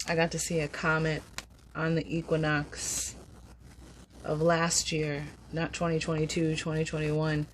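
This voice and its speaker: A woman giving a casual, upbeat tarot reading, chatty and quick to laugh. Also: low-pitched, completely flat delivery, slight background noise, rough recording. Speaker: tarot reader.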